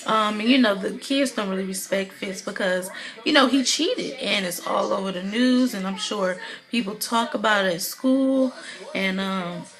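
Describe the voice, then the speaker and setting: A woman's voice: medium pitch, moderate pace, a bit bright, poor audio. A woman giving a casual, opinionated recap of a TV episode, chatty and full of fillers. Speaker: video blogger.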